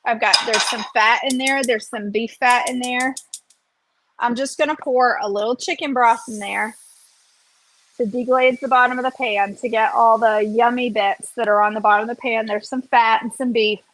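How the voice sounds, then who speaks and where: A woman's voice: on the high side, steady tone, normal speed, fairly bright tone. A woman, chatting casually through a cooking vlog and often checking in with "okay?". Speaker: cooking vlogger.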